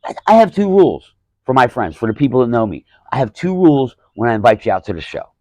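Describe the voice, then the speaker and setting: A man's voice: mid-range voice, sing-song, fast, mellow, dry recording. A man, a stand-up comedian hosting his own podcast, telling a story in a rambling, profane way with many restarts and acted-out quotes. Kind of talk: casual storytelling monologue.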